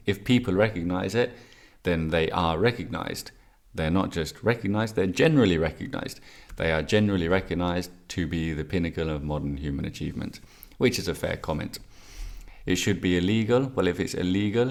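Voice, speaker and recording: A man's voice: deep voice, creaky. A man teaching English exam answers in a video lesson, chatty and wry, with joking asides between the answers.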